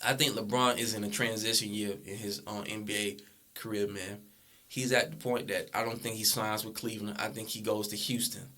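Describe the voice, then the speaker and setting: Young male co-host, bright voice, steady, reasoned sports talk. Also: fairly low pitch, fairly quick. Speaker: podcast co-host. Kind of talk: casual sports debate.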